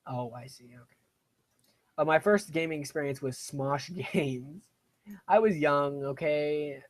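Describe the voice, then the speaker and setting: A young gaming streamer speaks a little slowly in a voice on the high side. While playing on a live stream, he chats casually, rambling and self-deprecating.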